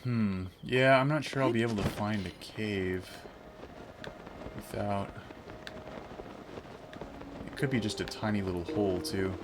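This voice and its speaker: A man's voice: on the low side, steady tone, a little slow, long pauses, noisy background. A man streaming a game, chatting casually and musing aloud with fillers and self-corrections as he plays. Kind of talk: casual live-stream chat while gaming.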